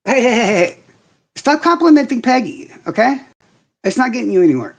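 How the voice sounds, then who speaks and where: A man's voice: extremely high pitch, big pitch swings, a little fast, creaky. A man hosting a casual livestream, ranting in heavy profanity and answering viewers' comments directly. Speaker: livestream host.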